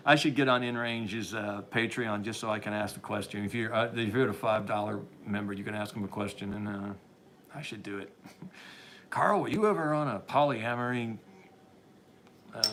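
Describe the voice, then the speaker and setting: A man with a fairly low voice hosts a livestream in an unhurried, rambling way. He wanders between opinions and viewer comments, restarting his sentences and chuckling now and then, with a faint hiss behind him. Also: fairly bright tone. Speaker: livestream host reading chat.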